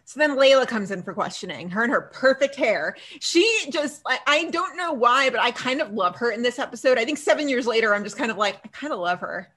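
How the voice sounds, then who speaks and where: On the high side and brisk with few pauses, a woman co-hosts a podcast and casually walks through a TV episode. She animatedly plays out the characters' lines, laughing and swearing without holding back.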